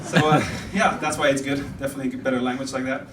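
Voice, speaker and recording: A man's voice: mid-range voice, little pitch movement, rapid-fire. Young man, stand-up set, rambling, roomy club sound from a distance, crowd noise. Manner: rambling, chatty, laughing at own jokes. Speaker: stand-up comedian. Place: comedy club stage.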